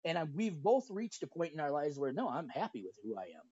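A middle-aged father co-hosting a casual podcast, talking in an animated way and acting out his anecdotes. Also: on the high side, a little fast, husky, no room sound. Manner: animated storyteller, puts on voices in his anecdotes. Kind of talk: casual conversation. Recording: dry, dull lo-fi audio.

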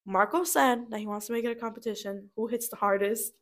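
A woman's voice: a little high, steady tone, fast, a bit bright. A young woman co-hosting a casual chat, talking and giggling while she eats snacks. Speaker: co-host.

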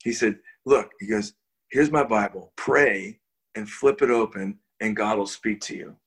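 An older man, a guest in an interview, tells a personal story in a casual, animated way, often restarting words and chuckling as he goes. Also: fairly low pitch, unhurried.

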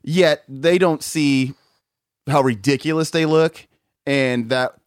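Ranting podcast host, slightly high-pitched man. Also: slow pace, clear, resonant tone, no room sound, studio quality. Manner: profane, ranting, laughs between points. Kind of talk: casual chat.

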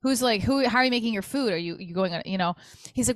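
A woman's voice: a little high, fast, no echo. A middle-aged woman hosting her own comedy podcast, venting in a candid, profane, exasperated storytelling manner.

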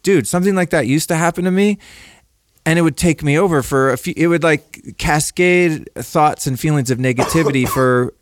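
A man's voice: a little high, normal speed, dry recording, studio quality. A man speaking as a podcast guest, telling personal stories in a candid, laid-back way and swearing freely. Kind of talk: casual conversational storytelling.

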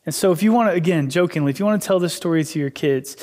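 A man's voice: a little high, rapid-fire, darkish tone. A young adult male pastor preaching a casual, conversational sermon, acting out inner dialogues with God, in a church hall.

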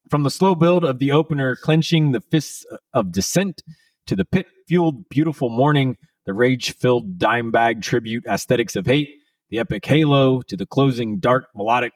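A man's voice: mid-range voice, no room sound, recorded from a distance, poor audio. Man reading a fervent album review. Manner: fervent list-like delivery. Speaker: podcast co-host.

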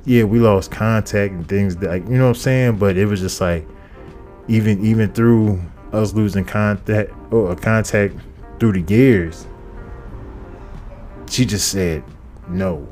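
Male podcast host, low dark voice, swears constantly and rambles, faint music behind. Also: measured pace, long pauses. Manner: profane, rambling, repeats phrases. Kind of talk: casual comedic monologue.

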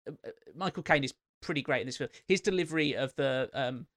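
A man's voice: mid-range voice, fast talker, fairly bright tone. A man co-hosting a casual film-review chat, analytical, often stammering into restarts. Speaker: podcast co-host.

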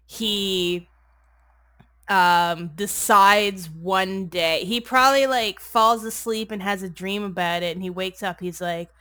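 Her medium-pitched voice is slow, bright and forceful, with fairly even intonation. Co-hosting a comedy podcast, she casually rambles through a movie recap, sarcastic and crude, swearing a lot and using "like" all the time.

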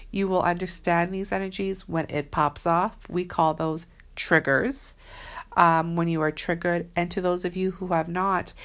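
A woman's voice: fairly low pitch, gravelly. A woman talking casually and earnestly to her followers as a spiritual reader, chatty and slangy, with many fillers. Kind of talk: casual spiritual vlog talk.

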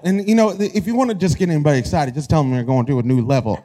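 High-voiced preaching man, animated. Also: fast talker. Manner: animated, shouting peaks, acts out quotes. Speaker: pastor. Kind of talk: energetic sermon.

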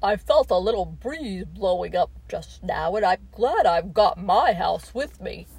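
Woman putting on sleepy old male tortoise, storybook voice, husky rasp, very slow drawl. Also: fairly low pitch, expressive, a little mellow, full character voice, poor audio. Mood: drowsy. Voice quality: creaky, husky. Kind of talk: storybook reading.

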